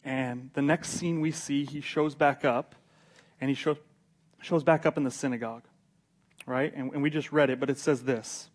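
A man preaching a sermon as a pastor, retelling scripture in animated, casual storytelling. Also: mid-range voice, moderate pace.

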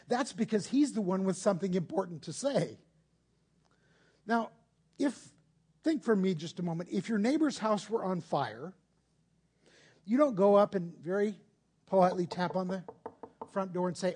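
A man's voice: high voice, lively intonation, moderate pace, pauses often, a little mellow, slightly rough. A man preaching a conversational sermon, explaining patiently and putting rhetorical questions to his listeners.

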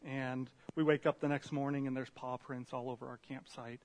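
A man preaching a sermon in a church room, telling a story in an animated, self-deprecating way. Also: medium pitch, normal speed. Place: church meeting room with a slide screen.

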